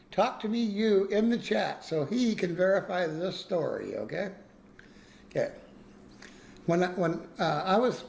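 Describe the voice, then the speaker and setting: A man's voice: fairly high pitch, gravelly, a little mellow, slight background noise. A man casually telling a story to his chat, rambling with restarts and frequent "okay?" checks. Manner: rambling, lots of restarts and "okay?" tag questions.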